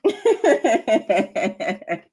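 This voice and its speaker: A woman's voice: medium pitch, sing-song, drawn-out words, darkish tone, husky. A woman giving an emphatic, preachy collective tarot reading, laughing often. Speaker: tarot reader.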